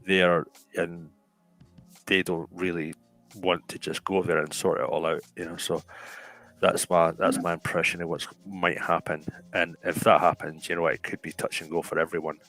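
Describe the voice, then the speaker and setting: Low, gravelly man rambling casually. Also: fairly bright tone, low-quality recording. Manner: rambling, repeats and restarts phrases, addresses listeners as folks. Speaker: podcast host. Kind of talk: casual chat.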